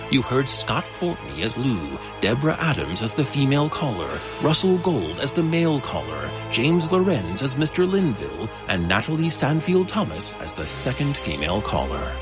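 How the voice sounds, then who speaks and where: A male narrator reading the production credits in a measured, formal way. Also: mid-range voice.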